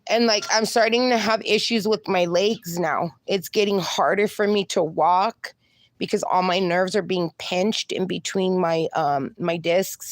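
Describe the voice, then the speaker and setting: A woman's voice: medium pitch, no echo, clean studio sound. A woman, hosting a casual live stream and reading viewers' comments aloud in a chatty, affectionate way. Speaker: livestream host.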